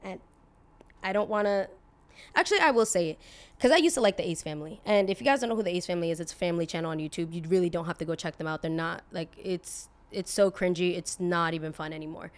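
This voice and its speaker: A woman's voice: lowish voice, quick pace. Blunt young woman podcast host. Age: 20s. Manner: blunt and indignant, with frequent filler "like" and casual swearing. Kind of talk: casual opinion podcast monologue.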